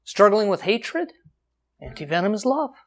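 Guy preaching, goes slow on the verses then shoots way up loud, drops to near quiet too. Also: big pitch swings. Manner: dynamic delivery, slows for scripture, jumps high for emphasis, drops to quiet. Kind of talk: sermon.

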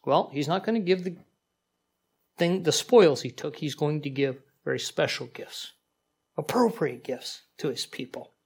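Animated man preaching. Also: fairly high pitch, measured pace, gravelly, husky. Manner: conversational, animated preaching with asides to the congregation. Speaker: pastor. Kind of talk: sermon.

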